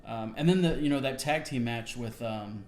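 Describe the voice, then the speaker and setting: A man talks through an old wrestling broadcast with his co-host, rambling and full of "um" and "uh". His voice sits at an ordinary middle pitch. The room around him is roomy and echoey. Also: moderate pace, darkish tone. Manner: rambling, filler-heavy recap with acted-out quotes. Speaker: podcast co-host. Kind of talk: casual wrestling review chat.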